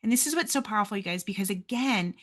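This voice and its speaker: A woman's voice: medium pitch, animated, fast. A woman hosting a podcast, giving an earnest, encouraging faith-based motivational talk straight to her listeners. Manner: earnest, encouraging, addresses listeners as you guys. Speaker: podcast host.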